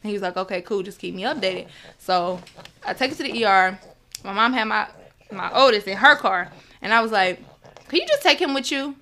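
A young woman recounts a personal story with a bright, forceful voice. She slips in and out of quoting the people involved, acting out their words as she goes. Her voice sits at an ordinary middle pitch for a woman. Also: fairly quick, slight background noise. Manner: animated, acts out others' words in quotes. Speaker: guest.

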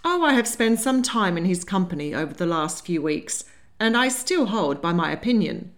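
A poised, worldly grandmother who meets every alarm with dry amusement. A woman acts her out in an audiobook reading. Her lively voice moves up and down, never in a rush. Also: on the low side, moderate pace. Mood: amused.

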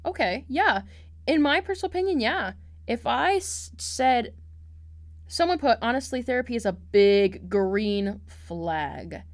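A woman's voice: fairly high pitch, expressive, unhurried. A young woman hosting a casual podcast, reading out online posts and reacting bluntly and sarcastically, swearing freely. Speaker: podcast host.

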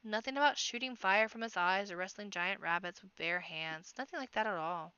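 A woman's voice: medium pitch, a little fast, bright, forceful tone, smooth, dry recording, muffled recording, close to an everyday voice. A wry old bard rabbit, as a woman reads him. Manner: wry, knowing, mutters put-downs.

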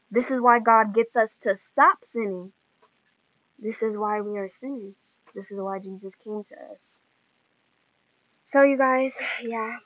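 A woman's voice: on the high side, fairly bright tone, dry recording. A woman hosting a podcast, giving an earnest, emotional devotional talk in a preaching manner. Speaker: podcast host. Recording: dull lo-fi dry sound.

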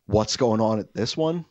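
A man telling a self-mocking comic story in casual chat, animated and swearing freely. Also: on the low side, slow pace, no room sound, highs cut off.

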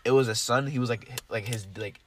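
A man's voice: medium pitch, fairly even intonation, fast talker, a little hiss or hum. Slangy young man in his twenties. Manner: crude, slangy storytelling. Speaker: friend in group chat. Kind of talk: casual chat.

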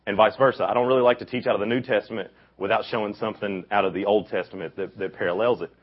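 Young male youth speaker, deep and husky, lively storyteller who acts out quotes, dull lo-fi recording. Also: fast talker. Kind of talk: casual youth sermon.

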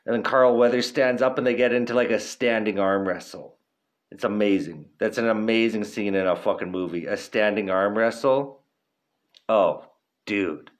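A man's voice: fairly low pitch, moderate pace. Laid-back profane podcast guy. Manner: profane, laid-back rambling with lots of fillers. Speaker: podcast host. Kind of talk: casual solo podcast talk.

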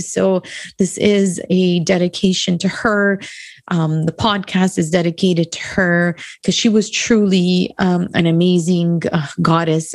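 A woman's voice: lowish voice, gravelly, no echo. Emotional woman podcast host, dry close sound. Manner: emotional, halting, many fillers. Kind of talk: heartfelt podcast dedication.

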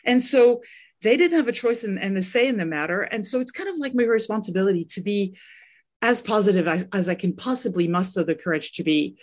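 A woman's voice: mid-range voice, expressive, fairly quick, a little mellow. A middle-aged woman from France with a French accent, a parenting coach speaking as a podcast guest. She talks earnestly and often repeats words while finding her thought. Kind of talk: podcast interview.

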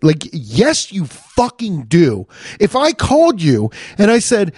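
A man's voice: high-pitched, huge pitch swings, a little slow, a little mellow, no room sound. A man ranting in a casual monologue into a close podcast mic, profane and exasperated, with lots of restarts.

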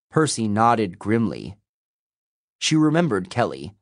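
A man narrating a fantasy novel as an audiobook, in a measured storytelling manner. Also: on the low side, animated, no room sound, studio quality. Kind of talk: scripted narration.

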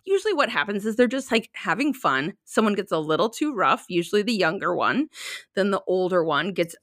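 Lively low-voiced woman chatting. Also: brisk, dry recording, studio quality. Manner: rambling, storytelling with filler words. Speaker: podcast co-host. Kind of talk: casual chat.

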